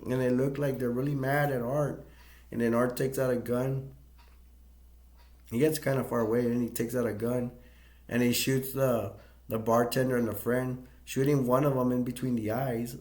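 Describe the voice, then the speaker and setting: A man's voice: medium pitch, level tone, moderate pace, a little mellow. A man casually retelling a film as a reviewer, rambling with many fillers and restarts and chuckling often, in an echoey room. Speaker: movie reviewer.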